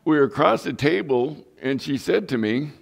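A man's voice: fairly high pitch, animated, moderate pace, vocal fry. A middle-aged man, a pastor and police chaplain, preaching a sermon in a plainspoken, earnest storytelling way.

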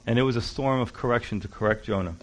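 A man preaching a sermon, pastor-style, acting out scripture quotes with rising and falling loudness. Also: medium pitch, quick pace. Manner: animated preaching, acts out Bible quotes with shifting loudness.

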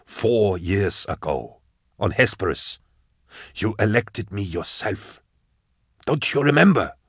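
A man's voice: lowish voice, very animated, slow, husky, no room sound, heavily acted. Male narrator voicing a weary, exasperated inquisitor, pleading, dry recording. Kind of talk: audiobook character voice.

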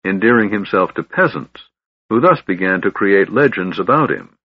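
A man's voice: deep voice, lively intonation, normal speed, husky, lo-fi sound, exaggerated voice. A man voicing a bitter, honor-bound young knight with a grave, brooding delivery.

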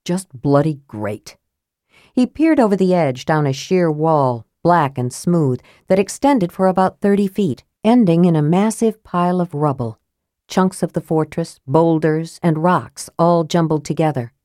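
A woman reading a fantasy novel aloud as an audiobook narrator, steady and clear. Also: on the low side, normal speed, no room sound, clean studio sound.

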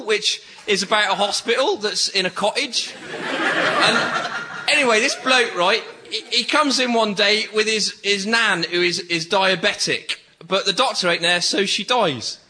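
A man's voice: high voice, a little slow, noisy background. A man rambling through absurd anecdotes in a radio comedy sketch, full of working-class slang.

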